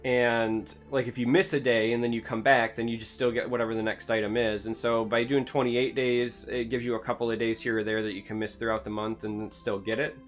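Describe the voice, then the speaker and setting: A man with a medium-pitched, level-toned voice hosts a casual gaming podcast, talking briskly with few pauses. He's enthusiastic and rambling, using lots of fillers like "like" and "um", with faint music behind him.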